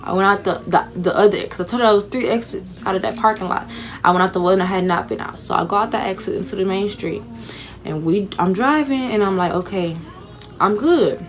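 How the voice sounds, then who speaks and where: A woman's voice: mid-range voice, fairly quick. Chatty young woman telling a story. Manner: chatty, animated storytelling with frequent fillers and asides. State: tired, sleepy. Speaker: vlogger. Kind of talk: casual storytime vlog.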